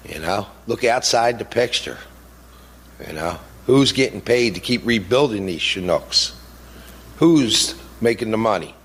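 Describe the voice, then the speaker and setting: A man's voice: lowish voice, a bit bright. Middle-aged man, blunt impassioned speech, rhetorical questions, long hall echo. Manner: blunt, emotional, plain-spoken with rhetorical questions. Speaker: bereaved father giving a speech.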